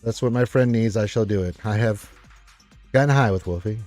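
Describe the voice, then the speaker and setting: A man's voice: on the low side, fairly quick, darkish tone, soft background music. A man hosting a casual live stream, reading viewer comments aloud in an upbeat, rambling way with many fillers.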